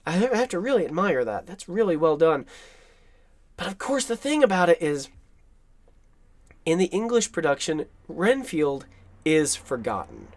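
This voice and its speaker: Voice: medium pitch, very animated, moderate pace, long pauses. A film commentator talking casually and enthusiastically over movie clips, chatty and often laughing.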